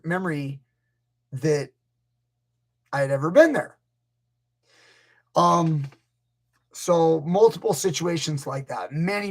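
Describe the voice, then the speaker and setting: A man's voice: on the high side, creaky, a bit bright. A man, a grappling coach hosting a casual live stream, rambling through stories and acting out what people said. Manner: rambling, storytelling, acts out quotes. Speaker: grappling coach, channel host.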